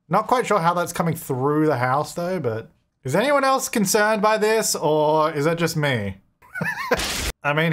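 A man's voice: a little high, a bit bright, slight background noise. A man giving casual gameplay commentary, chatty, talking to his game characters and laughing often. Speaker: gaming video creator.

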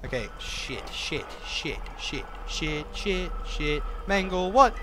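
A man's voice: on the high side, expressive, takes it slowly, a bit bright, slight background noise. A man playing a horror game, reacting with jumpy swearing and nervous laughter. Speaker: let's play gamer.

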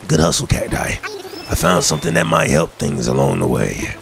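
A man voicing a deep-voiced, encouraging animal island neighbor in a video game, speaking in a slow, booming, hearty way. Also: huge pitch swings, gravelly, a crowd in the background, heavily acted.

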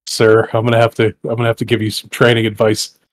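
A man's voice: on the low side, monotone, fast. An American man co-hosting a podcast, chatting casually and arguing in a playful, joking way. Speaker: podcast co-host. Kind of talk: casual chat.

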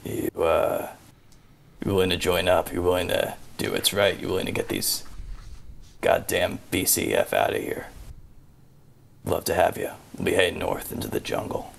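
A man doing a low, gruff alien band leader. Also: normal speed, pauses often, a little hiss or hum.

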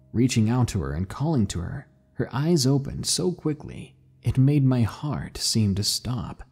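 A man narrates true ghost stories for a podcast in a husky, mellow voice. His pitch rises and falls in a lively way as he builds suspense with measured pauses. Faint music runs beneath his reading.

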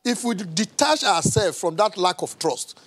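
A man's voice: high-pitched, lively intonation, measured pace, a bit bright, a little hiss or hum, rough recording. A Nigerian man speaking as an analyst on a TV panel, impassioned and raising his voice. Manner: impassioned, voice rising. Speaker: analyst guest. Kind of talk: TV panel discussion. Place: TV studio.

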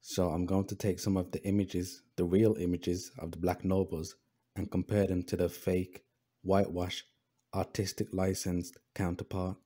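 A man's voice: sits low, flat delivery, moderate pace, dark tone. A man hosting a history video, narrating over images in a preachy tone, calling listeners brothers and often repeating himself with fillers. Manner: repeats words, frequent fillers and restarts.

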